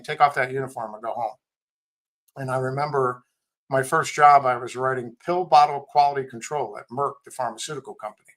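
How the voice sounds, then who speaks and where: A man's voice: medium pitch, pushed and bright, low-quality recording. A middle-aged man, a Marine veteran and company head, telling candid stories in a casual podcast interview with a blunt, wry manner. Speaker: guest, tech company CEO and Marine veteran.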